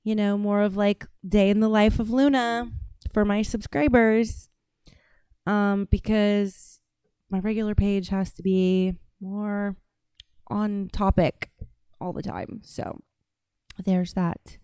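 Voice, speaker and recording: A woman's voice: medium pitch, little pitch movement, slow, mellow, smooth, no echo. Blunt, profane woman podcast host. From Atlanta, US. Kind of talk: casual commentary on played clips.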